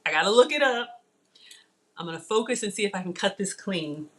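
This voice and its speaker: A middle-aged woman runs a casual live-stream cooking demo from her home kitchen. She is chatty and excitable and keeps calling out to her viewers while she works. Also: medium pitch, fairly quick, a little hiss or hum. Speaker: cooking show host.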